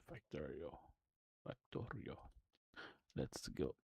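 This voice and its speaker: A young man streaming game development, quietly muttering to himself in halting phrases as he works. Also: a bass voice, big pitch swings, creaky, slightly rough, no room sound. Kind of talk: casual livestream commentary while coding and gaming.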